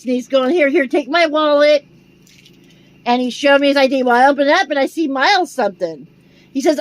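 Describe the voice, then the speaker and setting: An older American woman, a vlogger, telling a rambling, animated story in a casual way. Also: high-pitched, brisk, no room sound, low-quality recording. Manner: rambling, animated, retells dialogue.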